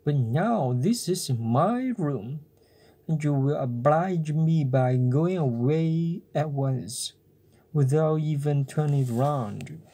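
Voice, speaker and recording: A reader voicing a patient, wise old talking cricket who lectures calmly in a bedtime storybook reading. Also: medium pitch, slow, slightly rough, exaggerated voice. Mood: stern. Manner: calm, lecturing.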